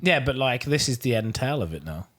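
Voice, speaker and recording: A man in the middle of his range chats easily as a podcast co-host. His voice is a little hoarse and worn, and he keeps a laid-back, self-mocking tone with quick laughs. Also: medium pitch, sing-song, fairly bright tone. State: slightly hoarse, losing his voice. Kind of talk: casual chat.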